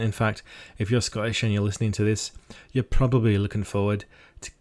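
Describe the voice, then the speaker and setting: A man with a somewhat low voice explains tabletop game master techniques in a casual, conversational way. He drops in dry, joking asides as he goes. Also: brisk, few pauses, a little mellow. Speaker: game master giving advice. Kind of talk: casual tutorial talk.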